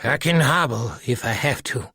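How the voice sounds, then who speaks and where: A man's voice: mid-range voice, expressive, normal speed, creaky, pushed and bright, breathy edge, no room sound, heavily acted. A man voicing a blunt, self-pitying witch in an audiobook. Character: blunt, complaining older witch woman. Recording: dry close audiobook recording.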